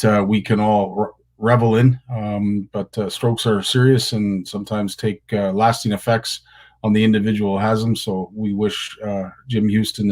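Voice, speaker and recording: Low-voiced Canadian show host. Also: male voice, darkish tone. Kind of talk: casual interview chat.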